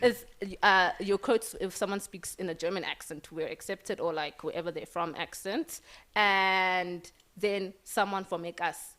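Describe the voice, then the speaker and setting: A woman hosting a youth talk show, lively and jokey in casual chat. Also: fairly low pitch, unhurried. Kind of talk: casual panel discussion.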